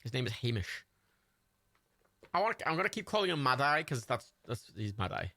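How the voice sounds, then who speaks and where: Joking man, lively creaky voice. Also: medium pitch, normal speed, no room sound. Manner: joking, swearing, chatty asides. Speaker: livestream host. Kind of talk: casual running commentary on a film.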